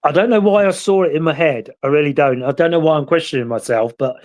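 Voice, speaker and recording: A British man hosting a casual talk show, his voice sitting a little high. He tells long stories in a rambling, reflective way, often stopping to question himself. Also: fast talker, a little mellow, lo-fi sound. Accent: British English. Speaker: host. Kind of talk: casual chat.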